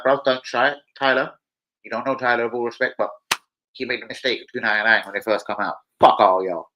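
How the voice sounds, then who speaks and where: A man's voice: medium pitch, sharp tone, low-quality recording. Slangy, swearing man on a stream. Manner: swears freely, slangy and rambling. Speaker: live stream host. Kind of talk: casual live stream chat. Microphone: streaming setup mic.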